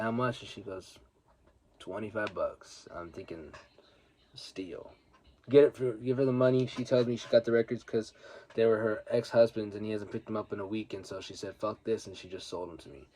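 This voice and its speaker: A man's voice: on the low side, darkish tone. A young man casually chatting about his vinyl records, telling rambling stories and swearing freely, while grieving a late friend. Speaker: record collector vlogger. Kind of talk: casual vinyl haul chat.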